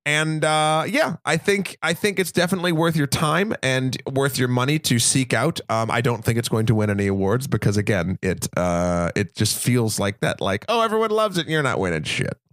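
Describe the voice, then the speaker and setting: A man's voice: medium pitch, normal speed, few pauses, a bit bright, dry recording, studio quality. A man hosting a casual film podcast, rambling and self-correcting in a playful way. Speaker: podcast host.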